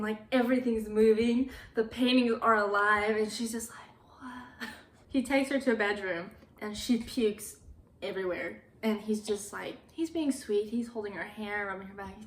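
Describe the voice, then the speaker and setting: A young woman casually retelling a movie plot, chatty and laughing often, dropping to a hush when she quotes characters. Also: medium pitch, echoey room. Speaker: movie recap vlogger.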